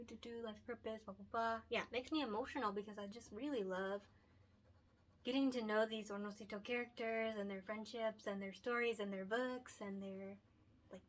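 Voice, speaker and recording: Speaking solo to camera, a young woman who writes and illustrates picture books chats casually and from the heart, frequently laughing and growing emotional. Her voice is fairly high and a little bright.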